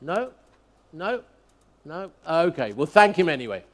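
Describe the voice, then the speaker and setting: Male auctioneer, slightly high voice, brisk repetitive bid-calling. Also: sing-song. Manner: brisk, repeats bids in a rhythmic chant. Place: auction hall at a motor museum.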